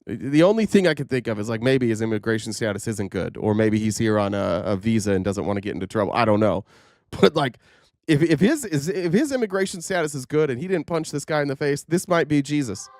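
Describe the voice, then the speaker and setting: Male commentary host, mid pitch, sarcastic, loose delivery, dry close mic. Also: lively intonation, a little fast, darkish tone, no echo. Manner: sarcastic, rambling, frequent fillers. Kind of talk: casual news commentary.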